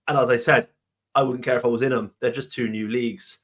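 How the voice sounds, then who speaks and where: A man's voice: medium pitch, steady tone, quick pace, a bit bright. A tired man hosting a solo podcast Q&A, blunt and ranty, swearing casually. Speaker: podcast host.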